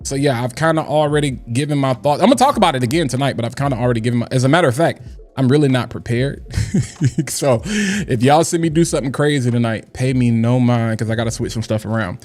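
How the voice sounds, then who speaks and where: A man hosting a casual livestream chat, loud and playful, shouting out people in the chat and often asking "you know what I'm saying". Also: medium pitch, quick pace, faint music behind. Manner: hype, animated, shouts out chat names; loud, playful, breaks into singing and scatting. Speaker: livestream host.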